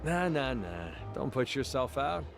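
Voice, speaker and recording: A laid-back male customer from a video game, easygoing and unhurried in his manner. His voice sits quietly in the game's mix. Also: medium pitch, very animated, vocal fry, over music.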